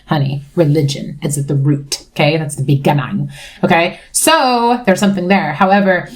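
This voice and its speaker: A woman's voice: low-pitched, normal speed. Rambling woman with a tender, swearing delivery. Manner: rambling, emotional, swears freely, frequent "like" fillers. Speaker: tarot reader. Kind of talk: casual spiritual chat.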